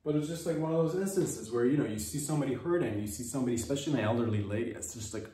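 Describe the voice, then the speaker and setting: A man telling a rambling, animated comic story as a podcast host, swearing freely. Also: medium pitch, quick pace, few pauses. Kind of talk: comedic storytelling. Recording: echoey room, distant mic.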